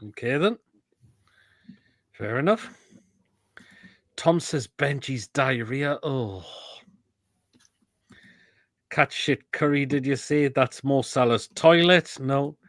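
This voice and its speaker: A man's voice: medium pitch, takes it slowly, long pauses, fairly bright tone, no room sound. A man hosting a casual live stream, reading out comments and crude jokes about food photos. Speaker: host.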